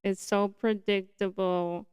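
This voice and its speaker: A young woman hosting her own podcast on a new mic setup, chatting casually and excitably. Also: medium pitch, slow, clean tone, dry recording. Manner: chatty, excitable, says like a lot. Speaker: podcast host. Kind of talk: casual solo podcast chat.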